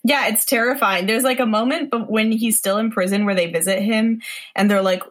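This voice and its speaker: A woman's voice: a little high, brisk, a bit bright. Sarcastic woman reviewing a movie. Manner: sarcastic, incredulous, many "like" fillers. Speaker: podcast co-host. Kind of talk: casual movie review chat.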